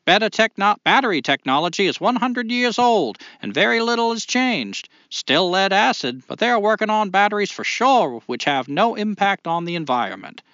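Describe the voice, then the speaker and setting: A man's voice: high voice, big pitch swings, normal speed, hardly any pauses, bright, forceful tone, dry recording, highs cut off, pitched above the performer's own voice, full character voice. A man reading a listener's letter aloud in a put-on Maine accent.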